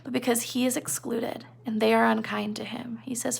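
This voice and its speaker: A woman's voice: on the high side, fairly quick, gravelly, few pauses. A woman teacher giving a conversational classroom lecture, retelling a novel with asides and checks on her listeners.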